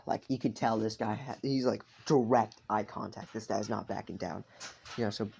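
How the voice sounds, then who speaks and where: Male storyteller, low gravelly voice, rambling, profane, casual asides.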